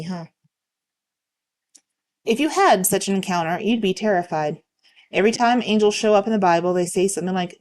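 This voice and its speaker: A woman reading online stories aloud in a calm, steady way. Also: on the low side. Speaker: narrator reading online posts.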